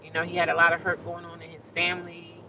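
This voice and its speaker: A woman's voice: on the low side, completely flat delivery, quick pace, distant mic, lo-fi sound, noisy background. Chatty woman livestreaming on the street. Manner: chatty, talks straight to viewers, drifts into singing. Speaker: vlogger. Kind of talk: casual livestream chat.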